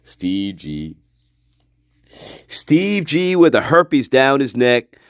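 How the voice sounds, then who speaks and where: A man's voice: mid-range voice, big pitch swings, extremely slow, dry recording, muffled recording. A man hosting a livestream, reading chat and ranting with scorn and heavy swearing. He laughs often and trails off into mutters. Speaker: livestream host.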